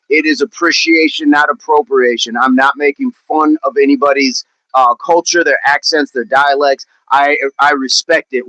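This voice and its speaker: A man's voice: medium pitch, pushed and bright, no room sound, poor audio. A man hosting a live workout stream, chatting upbeat with viewers and counting reps aloud. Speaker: fitness coach hosting a livestream.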